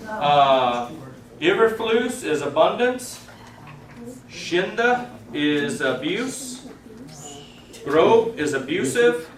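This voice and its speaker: A man leading a class, reading a vocabulary list aloud in a halting way, with many filler sounds and pleas to the class for help. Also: sits high, very animated. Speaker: class leader. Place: classroom with a group of students. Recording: roomy class recording from far off, with a crowd behind.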